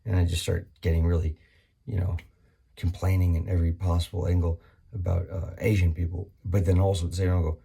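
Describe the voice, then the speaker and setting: A man with a low, gravelly voice riffs through a comedy monologue. He rambles and restarts, swears freely and jumps up into sudden high-pitched outbursts. His tone is dark and husky. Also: level tone, fast.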